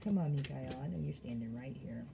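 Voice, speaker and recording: A tarot card reader, an adult woman with young children, gives her viewers a casual reading and calls them y'all. Her bass voice is gravelly and fairly quick, and she's chatty and often laughs. There's background noise.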